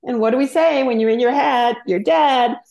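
A woman with a fairly high voice, a speaking coach guesting on a podcast. She talks with eager, energetic enthusiasm, often jumping from one thought to the next. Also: moderate pace, vocal fry, lo-fi sound. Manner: excitable, energetic, jumps between thoughts. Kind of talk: conversational podcast interview.

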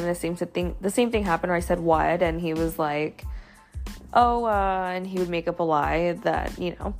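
A young woman tells a personal story in loose, casual talk, leaning on "like" and "you know". Her voice sits low with a gravelly fry, and faint music plays underneath. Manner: chatty, many fillers like "you know" and "like". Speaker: storyteller sharing a dating story.

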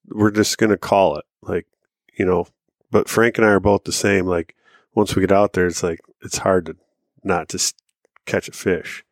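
Man, thirties, low voice, dry close mic, casual rambling storytelling, swears and laughs. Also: no room sound. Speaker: podcast co-host.

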